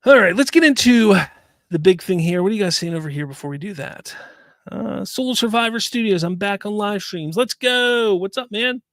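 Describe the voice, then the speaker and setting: A man's voice: high-pitched, moderate pace, no room sound, clean studio sound. A man hosting a live-stream talk show, ranting in casual commentary and reading viewer chat aloud. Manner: animated, ranting, repeats himself.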